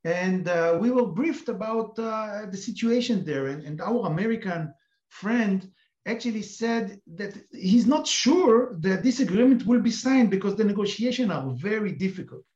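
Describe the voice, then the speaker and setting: A man's voice: high voice, expressive, moderate pace, darkish tone. A man with an Israeli accent, an expert guest in an interview, explaining at length with many hesitant fillers. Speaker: counter-terrorism expert guest. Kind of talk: interview, telling an anecdote. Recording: echoey, dull remote audio.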